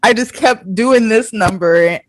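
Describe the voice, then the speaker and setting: A young woman from Nigeria on a podcast, telling a dating story in casual chat, animated and profane, acting out the quotes. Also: on the high side, a little slow, no room sound, clean studio sound. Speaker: podcast co-host.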